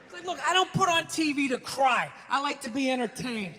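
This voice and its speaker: A stand-up comedian rants profanely from the stage, breaking into shouts in a high, sharp, bright voice. His voice carries a long hall echo over faint room ambience. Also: animated, brisk. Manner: ranting, profane, bursts into shouts. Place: large venue on stage.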